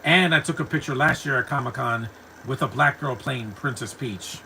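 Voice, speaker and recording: A man's voice: mid-range voice, moderate pace, gravelly, sharp tone, slight background noise, rough recording. Rambling man doing casual movie commentary. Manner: rambling, stumbles and repeats words, chuckles to himself.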